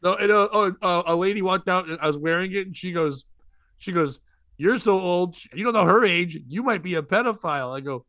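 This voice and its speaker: A man's voice: high-pitched, a little fast, no echo. A man hosting a casual comedy podcast, telling stories with lots of laughing and acting out the other people's voices. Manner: animated storytelling, acts out voices, laughs often.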